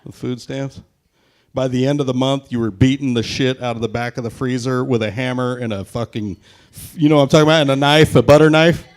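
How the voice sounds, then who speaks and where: A man's voice: medium pitch, steady tone, brisk. Brash, profane male stand-up comic. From Pacific Northwest, USA. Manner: crude, brash, profane, punchy delivery. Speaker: stand-up comedian. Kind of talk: stand-up set with crowd work. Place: brewery, live audience.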